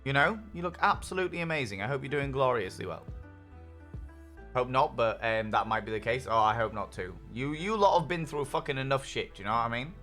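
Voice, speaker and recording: Chatty bright-voiced man. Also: medium pitch, animated, fairly quick. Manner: chatty and upbeat, swears freely. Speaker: streamer. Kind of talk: casual chat while reading viewer messages. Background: faint lo-fi music.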